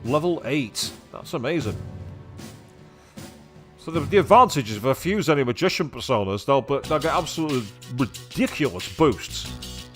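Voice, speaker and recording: A man's voice: medium pitch, animated, moderate pace, soft background music. An English man giving casual, sarcastic commentary while playing a video game and reading its text aloud. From England. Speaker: let's play gamer.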